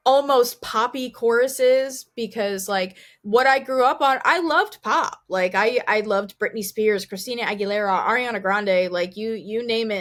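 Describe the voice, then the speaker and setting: A young woman, a band singer, chatting casually as an interview guest, telling stories with lively quoted dialogue and casual swearing. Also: medium pitch. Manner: animated storyteller, swears casually, quotes others.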